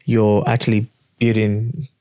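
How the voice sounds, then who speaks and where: Podcast host, low-voiced man, earnest and measured, dry close sound. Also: monotone, dark tone, no room sound. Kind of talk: conversational podcast interview.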